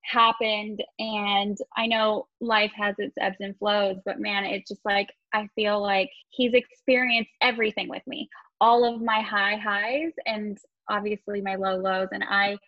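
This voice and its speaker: Lively young woman telling a story. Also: mid-range voice, unhurried, no room sound, lo-fi sound. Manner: animated, laughs often, acts out quotes. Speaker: interview guest. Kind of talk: casual storytelling.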